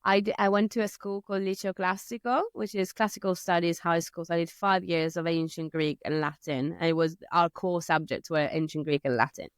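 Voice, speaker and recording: An Italian-accented woman talks in a relaxed interview, telling lively stories and acting out voices. Her voice sits a little low and sounds smooth and clear. The recording is dry and close. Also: brisk, few pauses, no room sound. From Italy. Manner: lively storyteller who acts out her children's voices. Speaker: interview guest, language teacher. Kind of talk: casual conversation.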